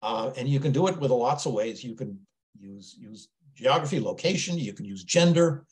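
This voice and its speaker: Lively man teaching a sales webinar. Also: mid-range voice, normal speed. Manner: earnest, repeats words as he thinks aloud. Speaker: business mentor presenting a webinar.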